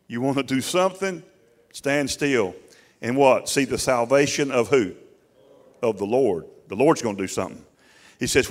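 A man preaching a sermon, repeating key phrases and putting questions to his congregation in a folksy, drawling way. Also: medium pitch.

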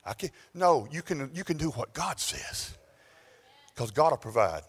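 A man with a Southern US accent, a pastor preaching a sermon in a church, telling stories in an animated way that swings between exclamations and quiet asides. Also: medium pitch, unhurried, slightly rough.

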